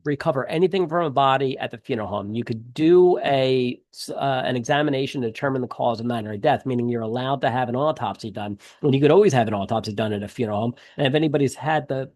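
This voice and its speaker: A middle-aged man walks students through an exam review in a loose, talky way, stopping for "um" and "you know" and rephrasing as he goes. His voice sits at an ordinary pitch for a man. The recording is dry and close, with no room sound. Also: fast, hardly any pauses, a little mellow, no room sound. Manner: conversational, many fillers and restarts. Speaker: instructor.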